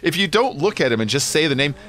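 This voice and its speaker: A man's voice: fairly high pitch, big pitch swings, fast talker, sharp tone. A man streaming a racing game and chatting casually with viewers, rambling through stories and laughing often. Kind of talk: casual live-stream chat.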